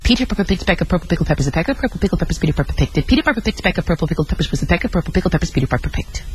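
A professional storyteller heard in a recorded clip, reciting a tongue twister with crisp articulation. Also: medium pitch, expressive, rough recording. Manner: crisp, rapid-fire articulation.

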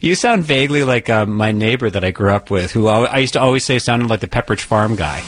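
A man's voice: lowish voice, lively intonation, quick pace. A man reporting a feature story and interviewing people in a curious, conversational way.

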